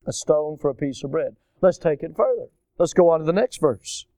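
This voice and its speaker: A man's voice: a little high, normal speed, vocal fry, dry recording. A man from Florida preaching a storytelling sermon, acting out the voices in his story. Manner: animated storyteller, acts out voices.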